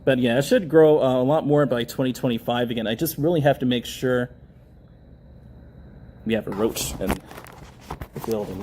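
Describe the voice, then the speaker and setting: A man hosts a live stream from his phone, talking casually and reading out viewer comments with easy laughter. His voice sits at an ordinary, medium pitch. A light hum of background noise runs under the recording. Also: moderate pace, long pauses, a little mellow. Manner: chatty, reads viewer comments aloud and laughs often. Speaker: livestream host. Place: indoors, public building.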